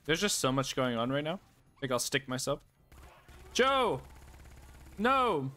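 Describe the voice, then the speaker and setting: Excitable man commentating a game. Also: a little high, measured pace, pauses often, faint music behind. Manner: excitable, laughs and yelps at the game. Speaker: gaming YouTuber. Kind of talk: casual gameplay commentary.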